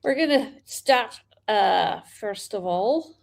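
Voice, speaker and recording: A Canadian woman hosting a casual real estate chat show, playful and lively. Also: mid-range voice, slow, vocal fry. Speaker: host.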